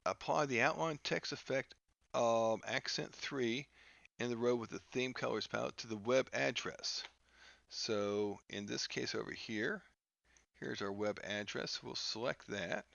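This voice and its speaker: A man teaching a software lesson over a screen recording, talking haltingly with many fillers and restarts. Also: medium pitch, vocal fry, no room sound, muffled recording. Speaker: instructor.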